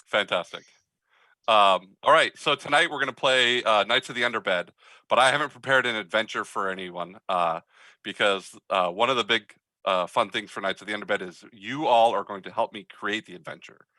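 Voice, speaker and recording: Bright-voiced game master, halting speech. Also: male voice, lowish voice, dry recording, poor audio. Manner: halting, many fillers, friendly. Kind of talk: running an online tabletop game.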